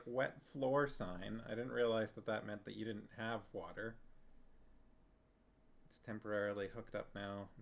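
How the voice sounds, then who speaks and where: A man with a creaky, medium-pitched voice streams live while reading a book with his viewers. He chats casually and rambles as he reacts to their messages.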